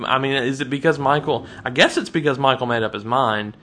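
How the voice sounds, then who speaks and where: A man co-hosting a podcast in casual chat, ranting with frequent restarts and sudden jumps up in pitch. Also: a little fast, a little hiss or hum. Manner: animated, restarts often, rants with rising pitch. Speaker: podcast co-host.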